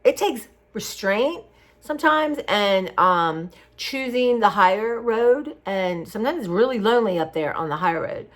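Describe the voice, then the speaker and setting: A woman's voice: mid-range voice, expressive, moderate pace. A middle-aged woman talking casually and from the heart to her viewers in a rambling vlog. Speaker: craft vlogger. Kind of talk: casual chat to camera.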